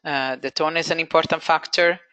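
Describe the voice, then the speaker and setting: A man moderating a webinar, reading out audience chat comments in a brisk, matter-of-fact way. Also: a little high, fairly even intonation, bright, forceful tone, clear, resonant tone, dry recording, dull audio.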